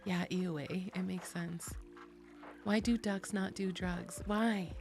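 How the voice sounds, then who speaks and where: An American woman streaming, chatting casually with viewers, giggly and chatty and loudly excitable. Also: lowish voice, takes it slowly, vocal fry, soft background music.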